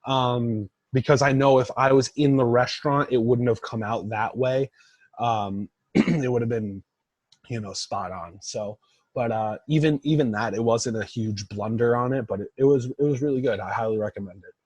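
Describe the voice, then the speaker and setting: A man's voice: mid-range voice, normal speed, darkish tone, no echo. A young man co-hosting a podcast in casual chat, rambling with lots of fillers and "like"s. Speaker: podcast co-host.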